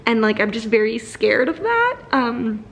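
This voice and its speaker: A woman's voice: on the high side, sing-song, a little slow. A young woman chatting casually in a home vlog about books, gushing and full of "like" fillers. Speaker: book vlogger.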